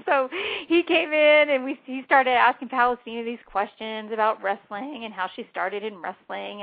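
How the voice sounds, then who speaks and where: A woman, a former wrestler, telling animated stories as a guest on a radio interview. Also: on the high side, narrow, tinny audio. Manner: lively, animated anecdotes. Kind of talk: phone-in radio interview, storytelling.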